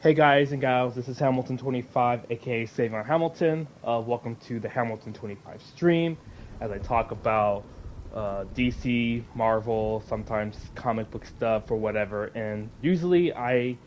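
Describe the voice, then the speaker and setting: A man's voice: mid-range voice, darkish tone, a little hiss or hum. Angry swearing male gaming vlogger. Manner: sighs often, swears, drops to mutters between outbursts. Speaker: gaming and comics channel host. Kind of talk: angry profane rant to camera.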